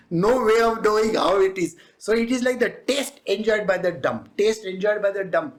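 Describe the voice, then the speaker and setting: A spiritual teacher with an Indian English accent delivers a devotional discourse in a conversational, animated manner. The talk is peppered with laughter and quick asides in Hindi. Quoted people get acted out with bits of voice play, so the teaching stays lively and personal. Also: mid-range voice.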